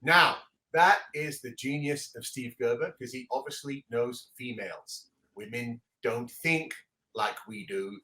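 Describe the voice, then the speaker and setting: A man hosting a casual comic book podcast, excitedly walking through the pages and laughing often. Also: medium pitch, measured pace. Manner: excitable, laughing often, reads dialogue aloud. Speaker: comic book show host. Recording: echoey room.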